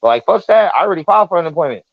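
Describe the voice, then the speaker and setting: A man hosting a casual talk show, telling a story in an animated, profane way and acting out the voices of the people in it. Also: sits high, racing, no echo, dull audio. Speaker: podcast host.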